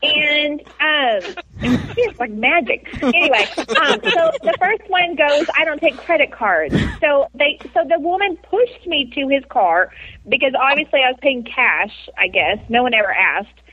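A woman's voice: high-pitched, lively intonation, a little slow, pushed and bright. A woman telling a long rambling travel story in a casual chat, giggling as she goes. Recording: dull lo-fi sound.

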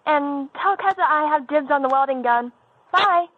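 A man's voice: moderate pace, phone-quality sound. A man voicing a panicked person caught by a hungry plant, leaving a frantic voicemail. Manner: frantic, high-pitched.

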